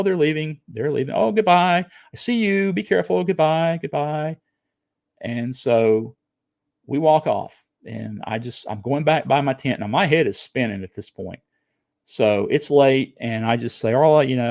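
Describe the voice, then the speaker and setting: Gravelly-voiced man in his sixties telling a story. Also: mid-range voice. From South Carolina. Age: 60s. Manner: animated, acts out his own excited thoughts. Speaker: podcast guest. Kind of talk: casual storytelling.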